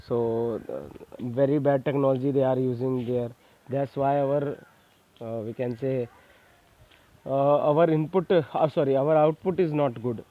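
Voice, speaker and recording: A male teacher with an Indian English accent explains a lesson in a mid-pitched voice, hesitating with frequent fillers. The sound is thin and phone-like. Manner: hesitant with many fillers, stressing points for exams. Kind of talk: classroom lecture.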